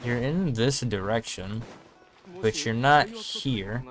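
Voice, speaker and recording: A man's voice: mid-range voice, very animated, takes it slowly, soft background music. A man giving casual, joking gameplay commentary, often talking to himself as he plays. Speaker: streamer.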